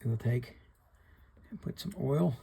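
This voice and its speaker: A middle-aged man walks through a hands-on repair tutorial step by step, plain-spoken and practical as he works. His voice has a gravelly fry and a husky edge, sitting at an ordinary middle pitch. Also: slow pace, warm tone. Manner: plain-spoken, talks through each step while working. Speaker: fishing reel repairer hosting a channel.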